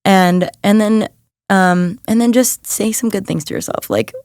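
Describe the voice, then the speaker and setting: A woman's voice: medium pitch, a little slow, darkish tone, no echo, studio quality. A young woman, a coach and guest on a podcast, talking casually and earnestly with many "like"s as she encourages listeners. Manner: chatty, fills with "like", earnest and encouraging. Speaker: guest, mindset and nervous system coach.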